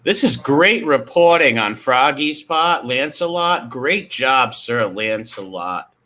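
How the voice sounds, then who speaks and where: A man streaming, commenting on footage in a casual, excitable way and swearing freely. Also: mid-range voice, slow.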